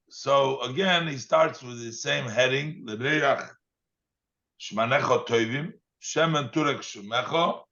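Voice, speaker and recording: Man rabbi going through a text slow, reads the hebrew then explains it, kinda muffled lo-fi sound. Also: medium pitch, sharp tone. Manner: reads Hebrew lines then translates, with fillers. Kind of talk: text study lesson.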